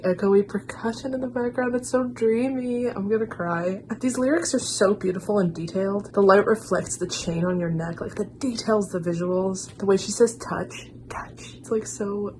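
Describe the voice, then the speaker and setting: A woman's voice: medium pitch, darkish tone, a little hiss or hum, low-quality recording. A young woman chatting casually as she reacts to an album, gushing and filling her talk with "like". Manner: gushing, chatty, many "like" fillers. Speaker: music reaction vlogger.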